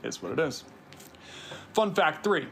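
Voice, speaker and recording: Earnest man narrating, slightly higher voice. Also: very animated, measured pace, gravelly, bright, forceful tone, a little hiss or hum. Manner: earnest, confessional. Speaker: host of a personal video series. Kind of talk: scripted reflective narration.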